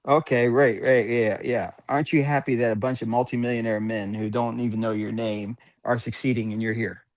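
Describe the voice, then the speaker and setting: A man's voice: mid-range voice, fairly even intonation, brisk, no echo. A man chatting casually as a guest on a live stream, rambling and joking with frequent laughter. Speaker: streamer guest with own show.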